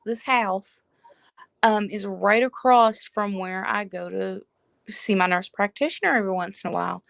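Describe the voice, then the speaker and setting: A woman hosts a paranormal live stream and tells ghost stories in a loose, animated way. She acts out the voices she quotes. Her voice is mid-pitched and sounds close and dry. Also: creaky, no room sound. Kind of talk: casual storytelling chat.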